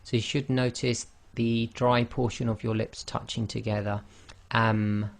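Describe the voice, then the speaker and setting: A man's voice: medium pitch, level tone, normal speed, vocal fry. A man teaching the pronunciation of Arabic letters, patiently demonstrating each sound and repeating it. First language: not Arabic. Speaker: online Quran teacher. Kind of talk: pronunciation lesson.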